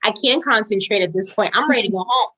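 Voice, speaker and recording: A woman's voice: mid-range voice, fast, a bit bright, husky, poor audio. A young woman who is a podcast guest, telling a personal story casually and acting out quoted lines with big jumps in her voice. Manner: casual, says "like" and "girl" often. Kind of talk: storytelling interview.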